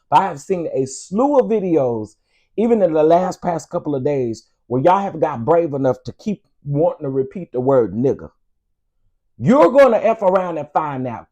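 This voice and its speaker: A man's voice: on the high side, sing-song, moderate pace, highs cut off. A man hosting an online commentary show, ranting emphatically and sassily. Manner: loud, emphatic, sassy.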